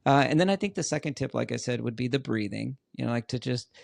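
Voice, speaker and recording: A middle-aged man talks as a podcast guest, with a gravelly, creaky edge to his voice. He tells his stories earnestly and repeats words for emphasis. The sound is dry and close. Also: mid-range voice, expressive, quick pace, dry recording. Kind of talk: casual interview chat.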